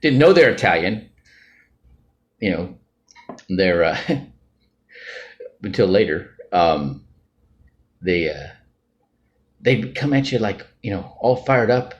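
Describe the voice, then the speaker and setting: Deep-voiced man rambling casually. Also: very animated, slow, long pauses, dull audio. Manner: rambling, tags sentences with "right?" and "all right?". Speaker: financial group member sharing views. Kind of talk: casual unscripted monologue.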